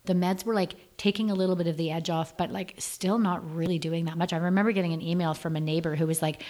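A woman's voice: on the low side, fairly even intonation, quick pace, mellow. A middle-aged woman telling her story frankly on a podcast, acting out quotes as she goes. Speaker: podcast guest. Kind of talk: candid podcast conversation.

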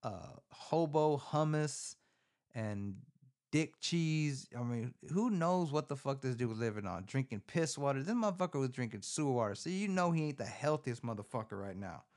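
A man hosting a podcast, recapping a film in a casual, profane, rambling way with animated storytelling, recorded on a phone. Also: medium pitch, moderate pace. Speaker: podcast host.

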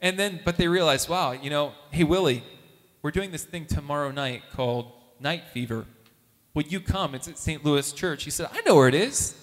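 Animated man telling a story in a reverberant hall. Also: normal speed. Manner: animated, acts out quoted voices with big pitch jumps. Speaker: speaker at a Catholic gathering. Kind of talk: storytelling testimony.

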